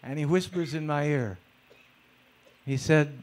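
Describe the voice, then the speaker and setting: Animated male storyteller, fairly high voice. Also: a little slow, long pauses. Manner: animated storyteller who mimics footsteps with vocal sounds; conversational, with fillers and repeated starts. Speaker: speaker recounting personal stories. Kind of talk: storytelling lecture.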